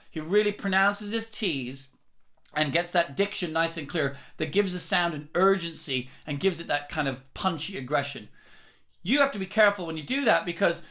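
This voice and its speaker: A man's voice: a little high, sharp tone. A man teaching rock singing, explaining technique in a careful, step-by-step way. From England. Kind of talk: vocal lesson.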